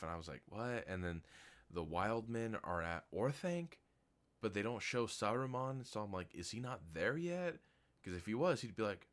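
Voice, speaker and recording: A man with a very low voice gives a loose, unscripted review of a film. He is blunt and critical but laughs easily. His speech is full of fillers like "like" and "um". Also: fairly bright tone. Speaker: movie reviewer. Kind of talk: casual spoken movie review.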